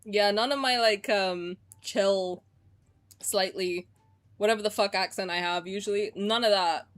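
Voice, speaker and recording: A woman's voice: mid-range voice, a little slow, a bit bright. A young woman streamer chatting casually while playing, sarcastic and swearing freely. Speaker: game streamer. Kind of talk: casual gameplay commentary.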